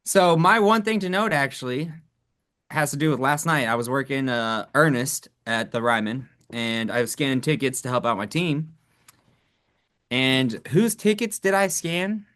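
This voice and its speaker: A man's voice: medium pitch, lively intonation, normal speed, fairly bright tone. A man co-hosting a sports podcast, talking in a laid-back, casual way with frequent swearing and laughter. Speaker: podcast co-host.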